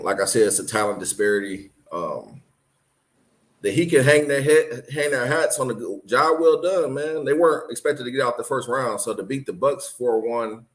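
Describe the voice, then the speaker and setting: A man speaking as a guest on a casual sports talk show, laid-back and relaxed. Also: lowish voice.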